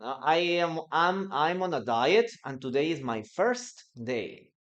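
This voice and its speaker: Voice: mid-range voice, very animated, unhurried. An English teacher from Peru, giving a casual bilingual lesson and acting out short example dialogues, often tagging explanations with "no?". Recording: slightly dull lo-fi recording.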